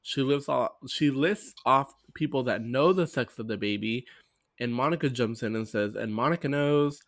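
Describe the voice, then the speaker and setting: A man's voice: medium pitch, moderate pace, no echo. A man co-hosting a podcast, chatting casually and acting out characters' lines as he recaps. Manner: animated, mimics characters' lines. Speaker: podcast co-host.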